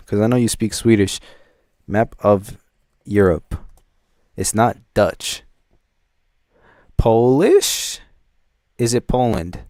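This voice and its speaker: Stream host, male, lower register, dry close sound; casual, chatty, asks the chat questions. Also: darkish tone, no room sound. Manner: chatty, thinks aloud, quizzes his chat. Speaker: livestream host reviewing viewers' beats.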